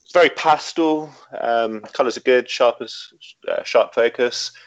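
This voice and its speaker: A man's voice: mid-range voice, a little slow, clear, resonant tone, no echo, highs cut off. A man co-hosting a casual podcast, chatting about photos and reading a listener's email aloud with dry, wry asides. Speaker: podcast co-host.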